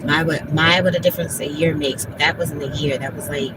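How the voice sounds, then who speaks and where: A woman's voice: low-pitched, steady tone, brisk, very noisy. Emotional woman venting from her car. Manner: emotional, rambling, heavy filler "like"; blunt and profane. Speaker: livestream host. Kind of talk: casual venting livestream. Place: in a moving car.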